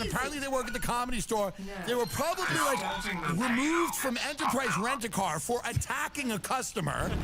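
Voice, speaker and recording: Animated high-pitched comic ranting over loud music. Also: male voice. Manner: animated, profane, acts out other people's lines. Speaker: stand-up comedian. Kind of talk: comedic storytelling rant.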